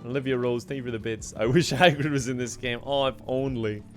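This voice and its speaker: A man's voice: mid-range voice, fairly even intonation, fairly quick, soft background music. A young Irish man chatting casually on a live game stream, laughing often and thanking viewers. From Ireland.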